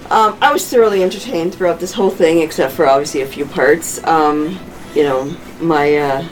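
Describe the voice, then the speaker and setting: A woman's voice: low voice, normal speed, soft background music, low-quality recording. A woman co-hosting a podcast, firm and argumentative in casual chat. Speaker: podcast co-host.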